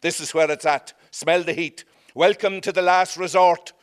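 A man's voice: on the high side, steady tone, normal speed, smooth. An Irish man delivering a comic recited speech in a grand, mock-solemn oratory manner. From Ireland, Leitrim. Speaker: comic speaker.

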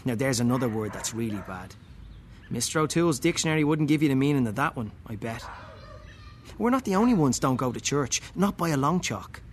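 A man reading a first-person story aloud, slow and wry, with muttered, dry asides. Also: medium pitch, big pitch swings, a little hiss or hum.

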